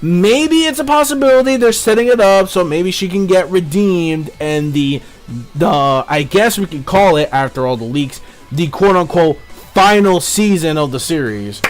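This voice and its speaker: A man giving a casual spoken review of a cartoon episode, excitable and rambling, with plenty of fillers and swearing. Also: high-pitched, normal speed, faint music behind.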